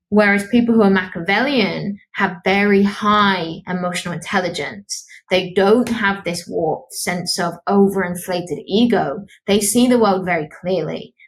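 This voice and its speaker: A woman psychologist co-hosting a podcast. She explains research findings in a steady, academic way, as if teaching. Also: fairly low pitch, low-quality recording. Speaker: psychologist co-host. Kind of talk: podcast discussion.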